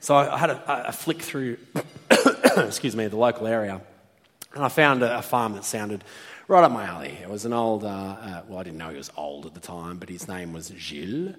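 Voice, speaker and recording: Man, lowish voice, playful live storyteller, hall reverb. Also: moderate pace. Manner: animated, self-mocking, laughs often. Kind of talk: live storytelling talk to an audience.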